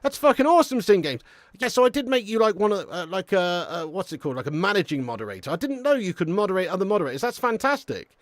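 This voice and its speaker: A man hosts a live football watch-along, his voice sitting slightly high. He talks in quick, excitable banter and laughs often as he answers chat. The sound is dry and close. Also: no echo. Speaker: live stream host watching a football match.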